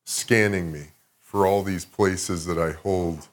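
A man with a somewhat low voice chats as a podcast guest. He tells his story loosely, with plenty of swearing and a reflective turn, in a casual, unscripted way. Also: fairly even intonation, slow pace. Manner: profane, rambling, reflective.

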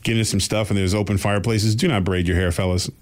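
A man's voice: fairly low pitch, steady tone, quick pace. A man co-hosting a podcast who tells a long story casually, in a loose, rambling way full of fillers like "like" and "right?". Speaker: podcast co-host.

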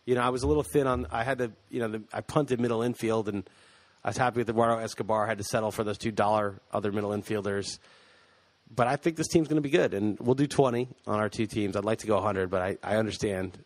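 His voice is fairly low and steady, moving at a quick pace. He co-hosts a podcast in a loose, rambling chat, laughing as he speaks into a computer mic during a remote call.

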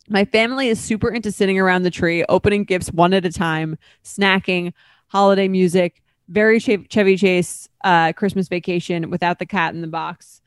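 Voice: mid-range voice, no echo. A podcast co-host in casual chat, reading a listener email aloud with wry asides.

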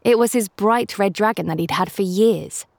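A woman hosting a children's story podcast, narrating in an animated way with playful asides to young listeners. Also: mid-range voice, normal speed, vocal fry, no room sound, studio quality. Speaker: storyteller and host.

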